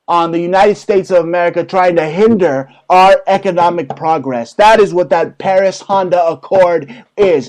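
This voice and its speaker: A man's voice: sits high, darkish tone, poor audio. A man hosting his own talk show, ranting crudely and mockingly about politics with heavy swearing. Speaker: show host. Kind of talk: profane political rant.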